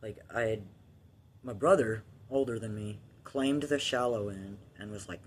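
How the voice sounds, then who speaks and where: A man's voice: lowish voice, unhurried, a little hiss or hum. A man telling a long personal story from his childhood in a casual, rambling way, swearing freely and laughing at his own telling.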